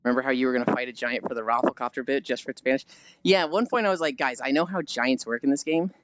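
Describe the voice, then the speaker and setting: A woman's voice: a bass voice, fast talker, no room sound, highs cut off. A woman streamer chatting casually with viewers, telling stories animatedly and swearing often.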